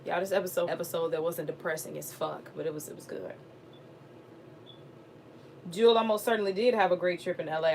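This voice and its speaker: A woman hosting a live stream, chatting casually with her viewers in a lively, profane, fired-up way. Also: lowish voice, fast talker, pauses often, slight background noise. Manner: animated, profane, talks straight to viewers.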